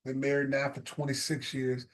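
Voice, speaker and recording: A man's voice: mid-range voice, monotone, moderate pace. A middle-aged man telling a personal story in a casual, reflective way, repeating key phrases for emphasis before drawing a life lesson.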